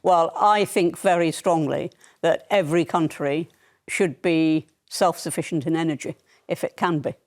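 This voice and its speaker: A woman's voice: low voice, steady tone, normal speed. An older woman, a studio panel guest who speaks bluntly and emphatically, dismissing views she disagrees with.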